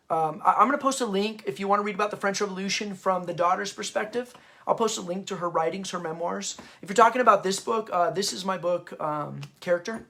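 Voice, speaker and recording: A high-pitched man talks through history off the cuff, plainly stirred up by it. He often halts, repeats a word and starts over before pushing on with his point. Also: bright, forceful tone. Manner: impassioned, stirred up; halting, often stops and restarts. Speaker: host and parenting author. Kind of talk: unscripted history talk.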